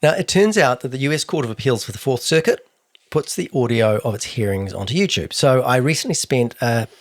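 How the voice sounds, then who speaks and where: A man's voice: medium pitch, animated, brisk, dry recording. A man with a New Zealand accent co-hosting a true crime podcast, telling the story with dry, wry asides. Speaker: podcast co-host.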